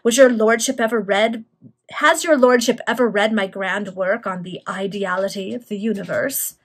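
A woman's voice: medium pitch, normal speed, close to an everyday voice. Woman putting on a pompous German baron. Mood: insistent. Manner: lecturing, broken English. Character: pompous German male baron philosopher, greedy.

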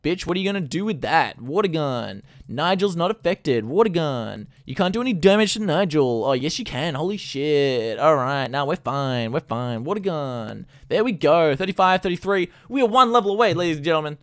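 A man giving casual, excitable commentary on a game he is playing, moving from quiet mumbling to sudden loud outbursts. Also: fairly high pitch, moderate pace, hardly any pauses. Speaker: gaming YouTuber. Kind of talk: casual Let's Play commentary.

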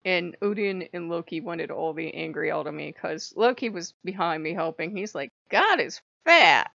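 A woman's voice: lowish voice, moderate pace, gravelly, no room sound, muffled recording. Profane, sarcastic woman ranting. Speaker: vlogger. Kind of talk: casual vlog rant.

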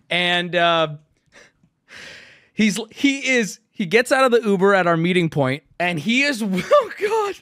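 A man's voice: high-pitched, animated, slow pace, pauses often, pushed and bright, smooth, no room sound, clean studio sound. A male streamer hosting his show and telling a story in casual, profane style, laughing often as he talks. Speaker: streamer host.

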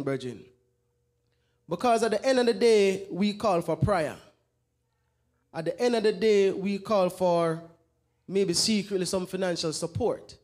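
High-voiced man preaching earnestly. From Jamaica. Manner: earnest, repeatedly addresses the brethren, reads scripture slowly. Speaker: church brother giving encouragement. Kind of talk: sermon exhortation.

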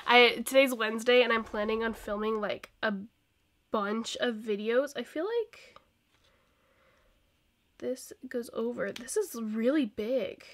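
A young woman who's sick with a cold chats casually while decorating her planner, rambling and laughing often in a plan-with-me style vlog. Her voice is fairly high and fairly bright, with a measured pace and frequent pauses.

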